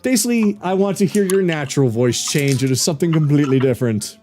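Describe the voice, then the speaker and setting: A man's voice: on the high side, animated, fast, loud music behind the voice. Man running a tabletop game. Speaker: game master.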